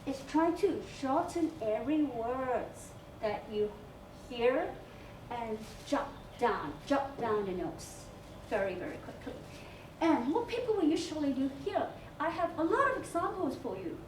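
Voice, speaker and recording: A woman's voice: high voice, sing-song, a little slow, recorded from a distance. A woman English teacher with a Hong Kong English accent, giving a class lesson on school TV. She explains step by step and spells words out letter by letter, with many fillers. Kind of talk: recorded class lesson on campus TV. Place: school room. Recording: echoey room, off-mic, faint hiss.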